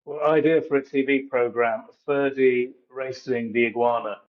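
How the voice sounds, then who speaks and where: A man's voice: medium pitch, steady tone, normal speed. Man chiming in over a dull line. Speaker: football podcast panelist. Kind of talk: casual chat.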